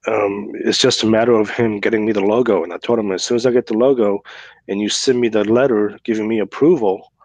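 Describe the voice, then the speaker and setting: A man hosting a podcast, telling a story in an animated, chatty way and often tagging on "right?" and "man.". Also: on the low side, fast talker, no room sound. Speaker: podcast host.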